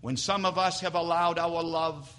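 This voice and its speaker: A male pastor preaching a dramatic sermon in a church sanctuary, swinging from hushed to loud as he tells a story. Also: fairly high pitch, steady tone, moderate pace.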